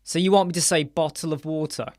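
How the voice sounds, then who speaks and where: Male live-stream host, slightly higher voice, chatty and blunt, casual. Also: fairly even intonation, fast, darkish tone. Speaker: live-stream host answering chat questions. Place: home studio.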